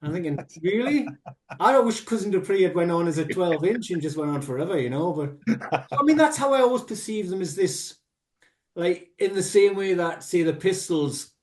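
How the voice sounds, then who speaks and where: A man co-hosting a casual music podcast, giving long, rambling, animated explanations full of asides. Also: on the high side, brisk. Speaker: podcast co-host. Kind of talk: casual music review chat.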